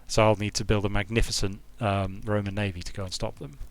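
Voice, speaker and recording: A young man speaks fast in a fairly low, flat voice with no echo, streaming a strategy game from a hot room at home. The game designer rambles casually, thinking aloud and repeatedly cutting himself off mid-sentence.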